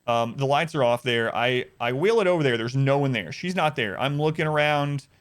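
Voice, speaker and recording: A man telling an exasperated story on his live stream, animated and acting out the people he quotes. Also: mid-range voice, normal speed. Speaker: livestreamer.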